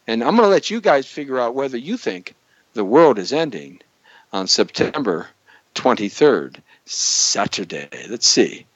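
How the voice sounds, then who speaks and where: Animated joking man hosting a live show. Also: dry recording. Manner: jokey, rambling, animated with sudden high squeaks. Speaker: host. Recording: dull lo-fi stream audio.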